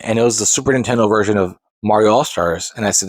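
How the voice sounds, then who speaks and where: A man's voice: lowish voice, very fast, hardly any pauses, no echo. A man in his forties telling a long personal story as a podcast host, rambling with restarts and side digressions. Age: 40s. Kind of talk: casual storytelling monologue.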